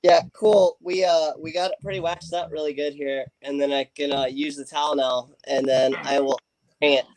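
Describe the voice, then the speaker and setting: A man's voice: on the high side, steady tone, normal speed, a little mellow, low-quality recording. A man chatting casually on a livestream, rambling with lots of fillers while he waxes a bowstring. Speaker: livestream guest. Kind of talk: casual chat.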